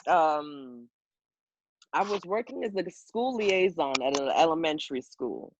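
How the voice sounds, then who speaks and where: A woman's voice: low-pitched, unhurried, background noise. Profane storytelling woman on a video call. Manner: loose, profane, animated storytelling. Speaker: comedian. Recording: dull lo-fi video call audio.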